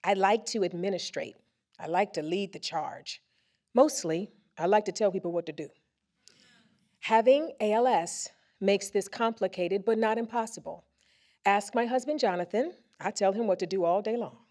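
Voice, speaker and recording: Woman, speech read aloud on stage, expressive, comic timing, stage mic. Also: medium pitch, moderate pace. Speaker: presenter reading a personal story. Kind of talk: reading a first-person speech aloud on stage. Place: theater stage before a live audience.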